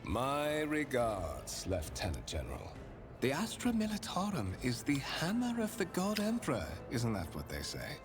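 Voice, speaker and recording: An actor playing a courtly, calculating male spymaster in a video game, speaking with formal, measured and faintly menacing courtesy. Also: medium pitch, huge pitch swings. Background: game music.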